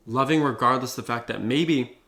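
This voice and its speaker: Bright and pushed, this medium-pitched male voice moves briskly. It belongs to a young man casually handing out advice on camera, swearing freely and filling gaps with "like" and "bro."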